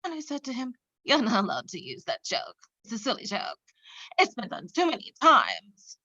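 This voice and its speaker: A woman's voice: fairly high pitch, wildly swooping pitch, normal speed, pushed and bright, no echo, muffled recording, full character voice. A woman playing a vain, whiny radio host. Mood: self-important. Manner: boastful, whiny, melodramatic. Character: vain self-absorbed female radio show host. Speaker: comic actor. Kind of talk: comedic radio parody monologue.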